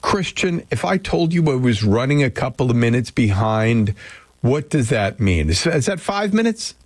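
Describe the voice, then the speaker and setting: A man's voice: medium pitch, sing-song, moderate pace, darkish tone, dry recording. A man hosting a casual radio show, wandering from one thought to the next with a joking, self-interrupting delivery. His voice is close and dry, with no room sound, like a studio booth. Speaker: radio host. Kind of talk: casual morning radio chat. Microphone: studio microphone.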